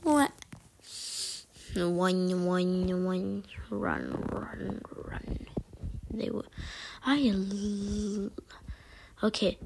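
Girl gamer with a gravelly voice, slow talk, whispers a lot, clicky noisy phone audio. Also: medium pitch. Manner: thinking aloud, often dropping to whispers; excitable exclamations. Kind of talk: mobile gameplay commentary. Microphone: phone mic.

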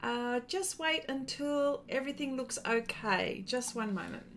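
A woman's voice: high-pitched, lively intonation, measured pace, a bit bright, slight background noise. A woman with an Australian accent hosting an art livestream, chatting casually and greeting viewers by name between many fillers.

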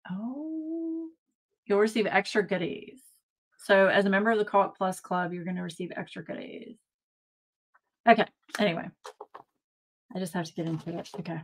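A woman hosting a casual live-stream craft unboxing from home, gushing and excitable as she chats to viewers. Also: lowish voice, a little fast, long pauses. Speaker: craft channel host.

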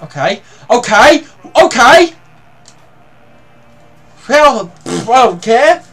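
A young man giving live commentary on his own football video game match, excitable, shouting and swearing at the play. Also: very high voice, extremely slow. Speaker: gamer.

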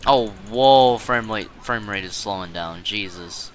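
A man giving casual gameplay commentary as a streamer, rambling, correcting himself and breaking into quick exclamations. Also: on the low side, slight background noise. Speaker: gaming streamer.

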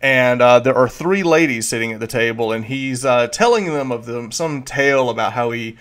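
A man's voice: medium pitch, moderate pace, a bit bright. A man narrating as game master, describing scenes loosely with many fillers.

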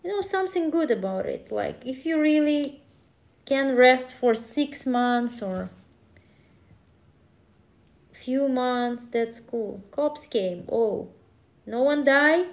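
Slow-talking woman streamer chatting casually. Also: high voice, expressive. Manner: rambling, laughing, with acted outbursts. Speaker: live streamer. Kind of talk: casual chat with viewers.

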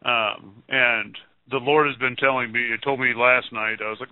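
On a call-in broadcast, a co-host eagerly tells a casual religious testimony, rambling and doubling back with many restarts. His mid-pitched voice moves at normal speed through a tinny, phone-line radio sound with no room echo.

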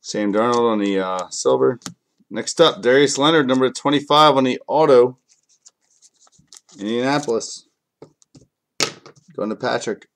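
A man's voice: mid-range voice, a little slow, long pauses, slight background noise. A man with kids, a bit sick, hosting a live card break in a casual, joking way and talking to viewers by name. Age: adult, has kids. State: a bit sick, clearing throat.

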